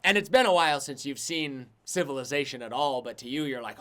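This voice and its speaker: A man's voice: medium pitch, expressive, a little fast, fairly bright tone. A man narrates a fantasy tabletop game as its game master. He rambles and restarts his sentences, and he peppers them with "like". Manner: rambling, lots of "like".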